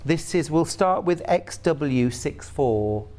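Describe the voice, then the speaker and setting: A man's voice: on the high side, lively intonation, takes it slowly, darkish tone. A middle-aged man from the UK presenting fabrics on a live shopping channel in a chatty, gushing, enthusiastic way.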